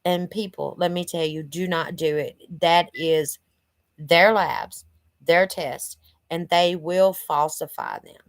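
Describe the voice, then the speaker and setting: A woman's voice: on the low side, fairly even intonation, takes it slowly, no room sound. A woman talking casually to her viewers from her living room, earnest and rambling with lots of fillers, a bit stuffy from allergies. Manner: rambling, many "you know" fillers, earnest. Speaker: channel host. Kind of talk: casual direct-to-camera vlog.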